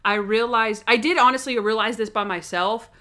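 Young woman, casual co-host, animated storyteller who acts out quotes. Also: a little high, normal speed. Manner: animated, acts out scenes in quoted voices, laughs often. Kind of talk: casual chat recapping a TV episode.

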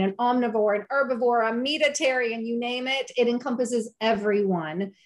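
A middle-aged woman who works as a health and wellness chef speaks in a conversational interview, her voice on the high side with a darkish tone. She is enthusiastic and a bit preachy, often repeating herself for emphasis.

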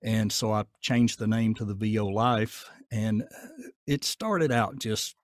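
A man with a Southern accent, talking casually in an interview in a folksy, down-to-earth way with a gruff edge. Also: on the low side, unhurried, dry recording, clean studio sound. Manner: folksy, down-to-earth, rambling with fillers. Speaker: voice actor guest.

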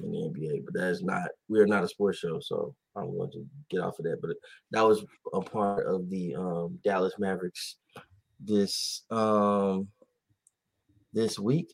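A male podcast host with a low, husky voice goes on a rambling, casual rant about basketball. He's animated, filling his talk with fillers and doing voices for quotes.

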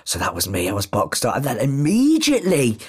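Animated northern English woman storyteller. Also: a bass voice, a little fast, breathy edge. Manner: animated, swears, laughs often, acts out voices. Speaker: guest. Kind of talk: casual storytelling in recovery interview.

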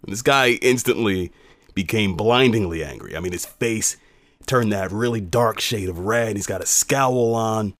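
A man, a radio host, telling a personal story in an animated, conversational, emphatic way. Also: on the low side, normal speed, no echo.

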